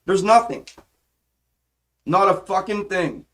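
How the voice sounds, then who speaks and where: A man with a fairly high voice rants on his live stream, swearing freely and circling back over the same points. His talk is passionate and exasperated, full of false starts and repeated phrases. He sounds like he is at a home desk mic. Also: lively intonation, slow, fairly bright tone. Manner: profane, repetitive, frustrated ranting with frequent restarts. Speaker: stock trading live streamer. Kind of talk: impassioned ranting monologue.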